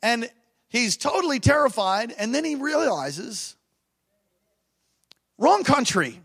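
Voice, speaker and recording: A male preacher with a very high, bright voice delivers a lively sermon. He tells stories with animated energy, breaking into laughter and shouting out emphatic, repeated declarations. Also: unhurried.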